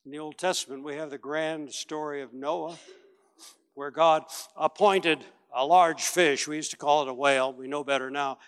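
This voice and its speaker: A man preaching a sermon as a pastor, telling the story with lively acted-out voices and big swings from loud to quiet. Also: on the high side, moderate pace, smooth. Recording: long reverb of a large hall.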